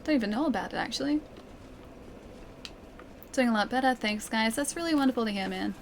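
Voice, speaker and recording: A woman's voice: on the high side, lively intonation, fairly quick, vocal fry, slight background noise. An Australian woman streaming a game from her living room, chatting and laughing often as she answers viewer comments. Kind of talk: live gameplay stream, chatting with chat.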